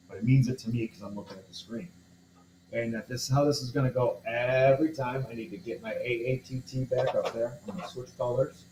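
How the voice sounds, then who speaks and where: A man's voice: medium pitch, slight background noise. Man teaching a chemistry problem, echoey room. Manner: talks through steps aloud, checks in with listeners. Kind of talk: homework walkthrough lesson.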